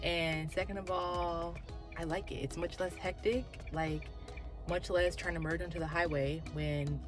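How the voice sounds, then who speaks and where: A woman's voice: fairly low pitch, steady tone, unhurried, over music. A young woman and dental hygiene student vlogging casually from her car into a phone mic, rambling and swearing freely. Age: young adult. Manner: chatty and rambling, ranting and swearing when angry. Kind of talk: casual vlog, talking while driving. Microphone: phone with plug-in mic.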